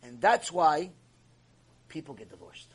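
A man gives an animated Mussar lecture in a high, husky voice. His pitch swings widely as he repeats key lines and keeps pressing with rhetorical questions. He lectures with lively energy. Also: measured pace, rough recording. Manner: repetitive, acts out dialogue, rhetorical questions. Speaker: Torah teacher giving a Mussar lecture.

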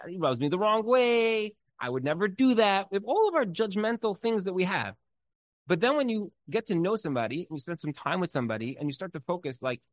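A man leads an informal Torah class in a loose, conversational way, full of fillers and lively storytelling. His voice sits at an ordinary middle pitch. The sound is dry and close. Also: dry recording, low-quality recording. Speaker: Torah teacher.

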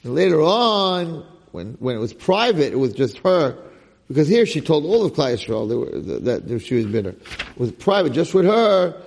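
Guy teaching a torah class, gravelly voice a bit on the high side, chatty and animated. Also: moderate pace. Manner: animated and conversational, mixes in Hebrew and Yiddish terms. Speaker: Torah lecturer. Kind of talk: informal Torah class to a live group.

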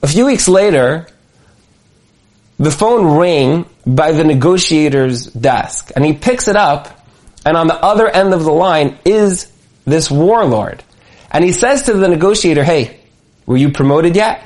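A man's voice: on the high side, a little slow. A man giving a motivational talk on marriage, telling stories animatedly and repeating phrases for emphasis. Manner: animated storyteller, acts out quotes. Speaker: speaker on marriage.

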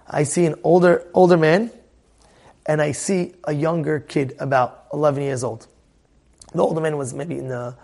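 An American man casually telling a personal story, animated and repeating his phrases as he acts out what people said. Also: high-pitched, vocal fry.

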